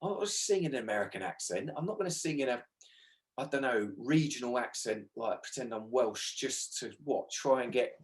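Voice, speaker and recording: A man with a London accent talks casually in a radio interview. His voice sits in an ordinary middle pitch. He is lively and animated, and he swears freely. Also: normal speed. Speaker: lead singer of a band.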